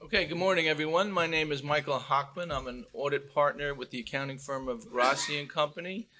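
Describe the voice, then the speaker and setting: A man in his fifties introducing himself as a panelist in a steady, businesslike way. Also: a little high, a little fast. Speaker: panelist, accountant.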